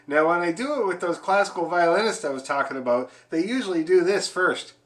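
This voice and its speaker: A man's voice: high voice, fairly quick, fairly bright tone. A man teaching an online fiddle lesson over a video call, encouraging and chatty, explaining and demonstrating as he talks.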